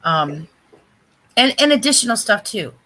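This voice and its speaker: Bright-voiced woman retelling events animatedly. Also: mid-range voice, very animated, measured pace, low-quality recording. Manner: emphatic. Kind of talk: casual livestream chat.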